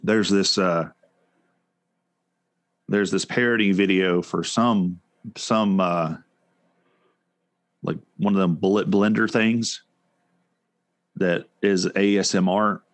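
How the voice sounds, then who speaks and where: Guy with a really deep voice chatting loosely, lots of uh and like, dry close mic. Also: fairly even intonation, takes it slowly, pauses often, no room sound. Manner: rambling, many restarts and fillers. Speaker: podcast co-host. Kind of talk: casual chat.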